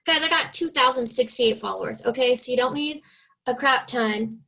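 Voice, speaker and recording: The guest on this casual team video call is a young fitness coach from Oregon, USA, whose high voice has a sharp tone and vocal fry at normal speed. Chatty and filler-heavy, she often acts out the people she quotes; the recording is low quality.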